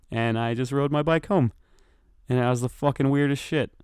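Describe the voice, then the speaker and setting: A man's voice: medium pitch, normal speed, pauses often, a little mellow, clear, resonant tone, no room sound, studio quality. A man hosting a podcast, telling a profane story casually and acting out his own lines as he goes. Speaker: podcast host.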